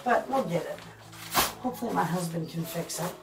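A woman's voice: lowish voice, expressive, brisk, gravelly, over loud music. An older woman vlogging casually from her home kitchen, chatting to her viewers as friends. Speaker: homestead vlogger.

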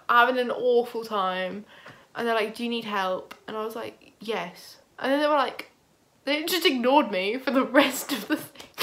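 A young woman vlogging, casually retelling a stressful experience in an animated way, full of "like" and acted-out quotes. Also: a little high. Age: young adult. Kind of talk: casual storytelling vlog.

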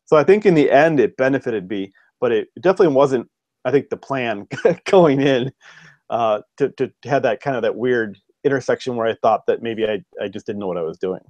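A man's voice: medium pitch, lively intonation, brisk, a little mellow, no echo. Guy rambling thru stories on a podcast, lots of ums, mid voice, dead dry sound. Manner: rambling, with frequent ums and restarts. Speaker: podcast guest, fiction writer. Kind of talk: casual storytelling chat.

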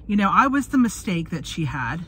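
A woman in her forties, a vlogger, chats casually from a parked car, rambling and losing her train of thought. Her lowish, husky voice has a sharp tone, big pitch swings, and a moderate pace.

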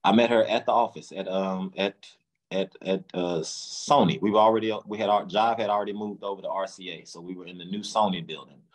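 Low voiced memphis guy, southern accent, rambling story w lots of repeats and acted out quotes. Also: fairly quick. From Memphis, Tennessee, US. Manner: rambling, repeats words, acts out quotes in raised voice. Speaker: guest, music executive. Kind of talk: casual storytelling interview.

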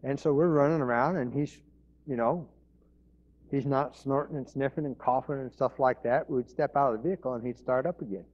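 Pastor, male, casual storytelling sermon, mid-pitched, muffled lo-fi church tape. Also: brisk. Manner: folksy storytelling with restarts and chuckles. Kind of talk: informal sermon.

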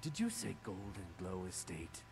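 Sly deep lizard-folk fence. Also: male voice, wildly swooping pitch, moderate pace, over music, exaggerated voice. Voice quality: smooth, sly, sniffing out guests. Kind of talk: video game dialogue. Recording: game audio with noise.

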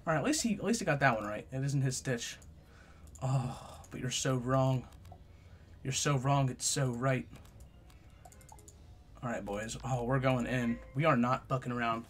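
A young man giving live gameplay commentary, profane and trash-talking, swinging between loud outbursts and low mutters. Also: expressive, normal speed, long pauses, a little hiss or hum. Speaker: gaming YouTuber.

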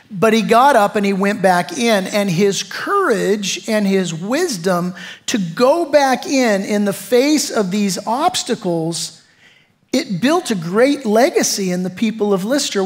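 Man, middle-aged, pastor delivering a chatty, punchy sermon. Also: high voice. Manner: conversational, emphatic preaching with rhetorical questions.

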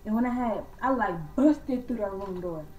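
A young woman casually telling a true ghost story to her viewers, slangy and animated, calling them y'all and acting out her own scared voice. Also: medium pitch, moderate pace, recorded from a distance, lo-fi sound, a little hiss or hum. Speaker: vlogger. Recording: echoey room from off-mic.

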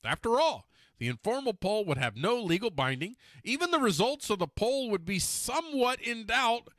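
A man's voice: high-pitched, big pitch swings, moderate pace, fairly bright tone, no echo, studio quality. Wry, sarcastic male commentator. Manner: wry and sarcastic, laughing at his own jabs; stumbles over names and self-corrects. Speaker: political commentator. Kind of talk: casual commentary vlog.

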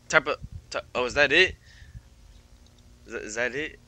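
A man's voice: medium pitch, moderate pace, sharp tone, slight background noise. A young man giving casual, slangy play-by-play commentary on a horror game, often bemused and saying "bro". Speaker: gaming YouTuber. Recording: game music playing behind.

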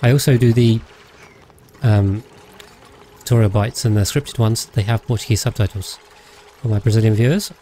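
A man's voice: on the low side, normal speed, long pauses, warm tone, a little hiss or hum. Chatty man streaming a game. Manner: chatty, rambling, full of hesitations and self-corrections. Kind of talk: casual livestream chat while playing.

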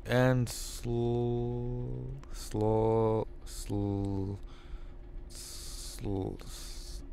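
Guy putting on a slow, low, gloating wrestling baddie; menacing heel voice. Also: darkish tone, slight background noise. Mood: gloating menace. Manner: slow, low, drawn-out delivery.

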